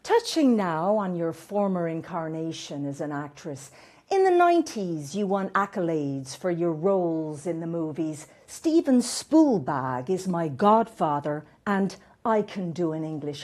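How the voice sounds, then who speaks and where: This is a beleaguered talk show host, played by a woman, polite and formal, who stammers when flustered. She has a lowish voice with lively swings in pitch. Her pace is slow and deliberate. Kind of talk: stand-up character comedy.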